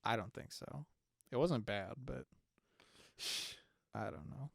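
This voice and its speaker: Gravelly young man chatting casually. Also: medium pitch, slow, dry recording, studio quality. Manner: rambling, hesitant, lots of fillers and restarts. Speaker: podcast co-host. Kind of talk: casual chat.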